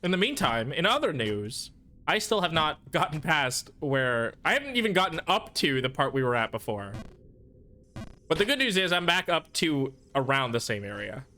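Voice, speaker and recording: Bright-voiced ranting male streamer. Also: on the high side, sing-song, moderate pace. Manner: profane, ranting, self-deprecating. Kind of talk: casual storytelling while gaming.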